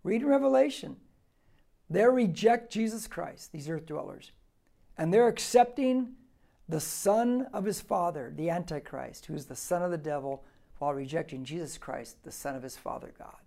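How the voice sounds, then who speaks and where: A male pastor teaching a Bible passage verse by verse, emphatic, posing rhetorical questions and swinging between quiet asides and loud, stressed points. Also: fairly high pitch, animated, normal speed, vocal fry.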